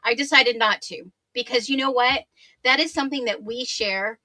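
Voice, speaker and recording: A woman hosting a true crime livestream, chatty and upbeat, laughing often and greeting viewers by name, her voice a little hoarse. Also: a little high, normal speed, pushed and bright, no room sound. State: slightly hoarse voice. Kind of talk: casual livestream chat, reading viewer comments.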